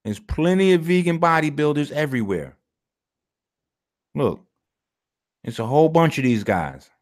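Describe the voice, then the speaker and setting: Animated and unhurried, a man with a fairly high voice hosts a video reacting casually to clips. His commentary is emphatic, full of slang and profanity, and he repeats his lines for emphasis.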